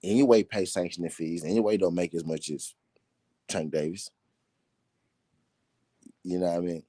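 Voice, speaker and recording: Man, deep voice, emphatic repetition, casual live talk, dry close sound. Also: fairly even intonation, normal speed, warm tone, no room sound. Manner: repetitive, emphatic, laughing between points. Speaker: boxing talk show host.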